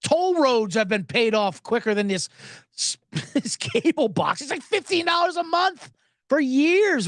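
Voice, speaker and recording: A comedian hosting a podcast tells a story in an animated, exasperated way. His pitch swoops up and down as he riffs. The recording is close and dry. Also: a little slow, dry recording. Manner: animated, exasperated riffing with swearing.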